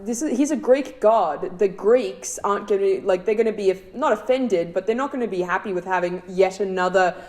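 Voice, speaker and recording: A woman's voice: mid-range voice, a little fast, few pauses, a little mellow. A woman, co-hosting a casual film review, enthusiastic and often laughing. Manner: enthusiastic, laughs often, talks over her co-host. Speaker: podcast co-host. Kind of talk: casual movie review chat.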